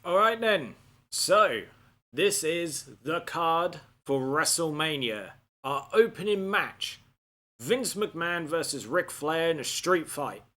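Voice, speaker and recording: A man playing a wrestling video game and reacting with playful, animated commentary. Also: a little high, slow pace. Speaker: game player. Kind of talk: gaming commentary.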